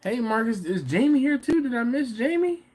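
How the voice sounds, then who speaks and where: On his casual livestream, this host reads out viewer comments and jokes around with them. His voice is very high, sing-song and darkish in tone, and his manner is teasing and chatty, punctuated by quick laughs.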